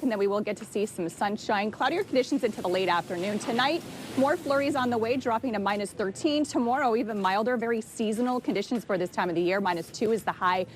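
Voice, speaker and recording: A woman's voice: a little high, a little hiss or hum. A woman giving a live, upbeat weather report from outdoors in winter. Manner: upbeat, chatty forecast delivery. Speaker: weather presenter.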